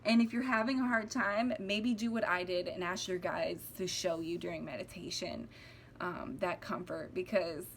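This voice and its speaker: A woman's voice: lowish voice, fairly even intonation, moderate pace, gravelly. A young woman talks straight to her viewers in a casual, emotional monologue. She rambles, restarts her sentences and sounds close to tears. A faint hiss runs under her voice. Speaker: spiritual vlogger. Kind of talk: casual heartfelt monologue to camera.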